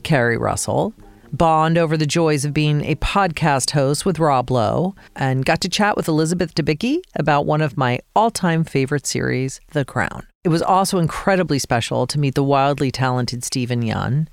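A woman from Colorado hosting a podcast, reading a scripted season wrap-up in a measured, appreciative way. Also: low-pitched, gravelly, no echo, clean studio sound. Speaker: podcast host.

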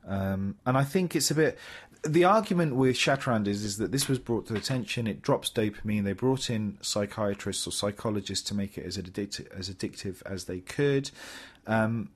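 A man's voice: on the low side, normal speed, few pauses. A man co-hosting a casual gaming chat show, talking in a rambling, explanatory way with many fillers.

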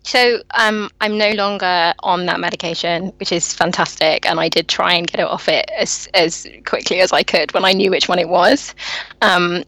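A woman's voice: on the low side, steady tone, moderate pace, fairly bright tone, no echo, poor audio. A woman with a posh southern English accent, a podcast guest talking casually with many ums and easy laughs. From central southern England. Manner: laughs easily, many ums and you-knows. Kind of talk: casual chat.

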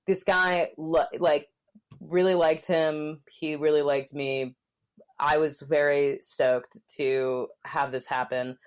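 A woman's voice: deep voice, level tone, slow pace. A young woman co-hosting a podcast, chatting casually and telling frank stories, mimicking the voices of people in them. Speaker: podcast co-host. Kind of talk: casual chat.

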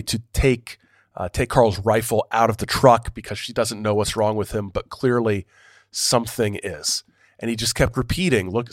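A man's voice: mid-range voice, no echo, studio quality. A male podcast host reading book excerpts aloud, stopping to comment with hesitant, repeated words.

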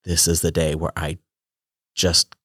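In a clean studio recording free of room sound, a man in his forties hosts a podcast with a low-pitched, husky, slightly bright voice. His tone stays level and his pace unhurried. Reflective and relaxed, he frequently drops sentences midway and restarts them.

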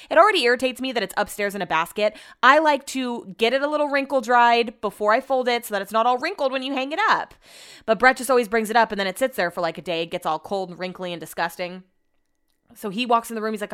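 Young woman, smooth and fairly high voice, ranting exasperated in a casual vlog. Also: fast talker, fairly bright tone. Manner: exasperated, ranting, swears freely. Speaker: vlogger.

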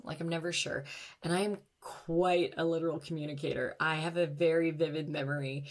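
Low-pitched woman, candid solo podcast host, reflective monologue. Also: steady tone, fairly quick. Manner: candid, reflective, laughs at herself.

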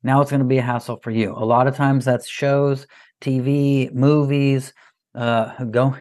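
Animated man telling parenting stories. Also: medium pitch, a little slow. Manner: animated, lively storyteller. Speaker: parent sharing advice as a podcast guest. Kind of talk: casual conversational storytelling.

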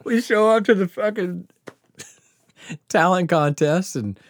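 A man's voice: high-pitched, a little slow, dry recording, clean studio sound. A middle-aged man hosting a podcast, telling a rambling, profane story in a casual way and laughing as he goes. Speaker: podcast host.

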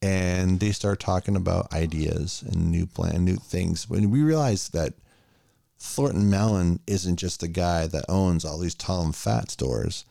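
A man with a very low, gravelly voice walks through a movie's plot in casual podcast chat. His tone is dark and mellow, recorded dry and close. He jumps into the characters' lines as he retells the scenes. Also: measured pace, dry recording. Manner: animated retelling, acting out lines. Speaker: podcast co-host.

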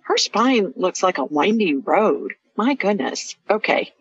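A woman's voice: mid-range voice, very animated, unhurried, husky, no room sound, dull audio. A woman hosting a live call-in radio show. She talks soothingly and explains each step as she goes. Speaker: radio show host and energy healer.

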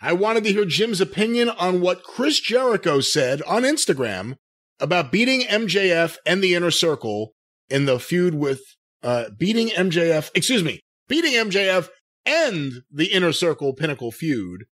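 A man with a high, lively voice reads out quotes and listener questions as a podcast co-host. He jokes easily and his pitch swings widely as he talks. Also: normal speed. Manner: animated, jokey, laughs easily.

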